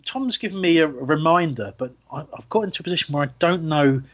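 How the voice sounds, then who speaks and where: A man's voice: a little high, animated, fast talker, muffled recording. A man hosting a casual football podcast, chatty and self-mocking, often laughing as he talks. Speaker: podcast host.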